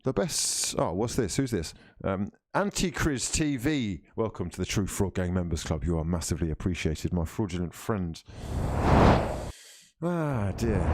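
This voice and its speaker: A man's voice: low-pitched, darkish tone. A man casually hosting a football livestream, reading out viewer comments in a playful, teasing way. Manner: chatty and playful, calls viewers fraudulent friends.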